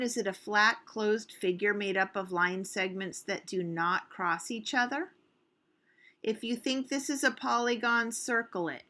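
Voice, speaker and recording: Woman teacher, unhurried and patient, repeats questions for young students. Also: mid-range voice, bright, forceful tone. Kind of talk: recorded math lesson for children.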